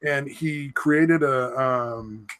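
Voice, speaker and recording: A man's voice: medium pitch, very slow, fairly bright tone, a little hiss or hum, poor audio. A man hosting a casual podcast, rambling and hedging with "I mean" and "like," swearing freely. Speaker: podcast host. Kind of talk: casual profane chat.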